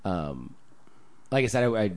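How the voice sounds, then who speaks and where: A man co-hosting a casual podcast chat, an animated storyteller who swears freely. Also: lowish voice, moderate pace, slight background noise. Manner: animated storyteller, swears freely, jumps into loud put-on voices. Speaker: podcast co-host.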